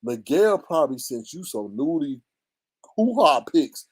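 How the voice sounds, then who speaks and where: Animated high-voiced man dishing gossip. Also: unhurried, slightly rough, no echo. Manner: animated, mocking, jumps into high squeals for quoted voices. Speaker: YouTube commentary host. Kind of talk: casual gossip commentary.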